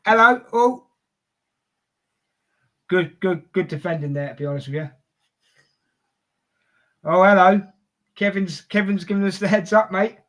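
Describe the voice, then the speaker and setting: A man's voice: sits high, quick pace, hardly any pauses. A man co-hosting a fan livestream, bantering and reacting to a football match live, calling people mate.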